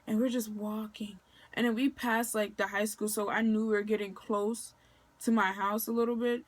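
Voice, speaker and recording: A young woman from Maryland, USA, chats through a personal story for her vlog in a loose, slangy way full of fillers, acting out the dialogue of people involved. Her voice is medium-pitched, with flat delivery at a moderate pace.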